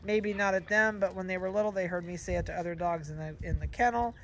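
A man who breeds dogs, giving folksy, chatty advice outdoors in a yard and pausing to comment on the puppies. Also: high-pitched, fairly even intonation, rough recording. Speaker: dog breeder. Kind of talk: casual outdoor advice talk. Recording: loud wind noise outdoors. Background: wind and puppies playing.

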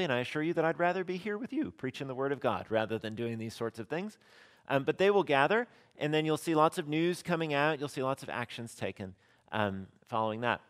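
A man, a rector teaching a church class in a relaxed, conversational way, repeating key words and asking the class questions. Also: medium pitch.

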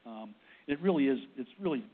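Speaking a little quickly with lively intonation and a medium-pitched voice, this Bostonian presents on a panel to a conference room audience. He sounds breathless, frequently starts his sentences over, and keeps asking "right?". The audio is thin and phone-like.

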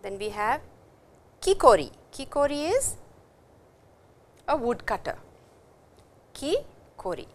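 A woman giving a recorded university language lecture, speaking slowly and patiently, repeating words and stressing how they sound. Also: sits high, sing-song, darkish tone. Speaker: language teacher.

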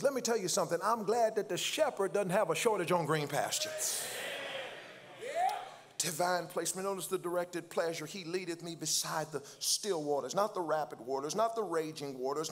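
A man preaching a sermon, calling for responses from the congregation and rising to shouts. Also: high-pitched, moderate pace. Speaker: pastor. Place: church.

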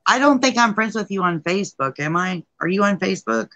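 A woman's voice: medium pitch, expressive, brisk, a bit bright, dry recording. A woman chatting casually on a crafting live stream from her dining room, laughing often. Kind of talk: casual chat.

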